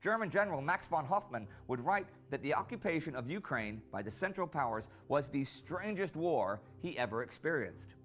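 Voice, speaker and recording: A man giving scripted narration for a history documentary series, measured and storytelling, rising for quoted lines. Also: fairly high pitch, very animated, fairly bright tone. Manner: measured storytelling delivery, rises for quoted speech.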